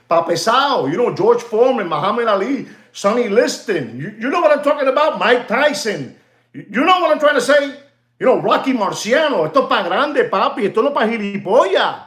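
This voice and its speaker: A man hosting a channel in a rambling, animated monologue, using streetwise banter and bits of Spanish slang. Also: on the high side, echoey room. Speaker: channel host.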